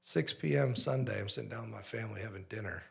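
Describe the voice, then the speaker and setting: A man who owns a pizzeria, a guest on a podcast, telling a story in an animated way and acting out the dialogue. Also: on the low side, quick pace, vocal fry.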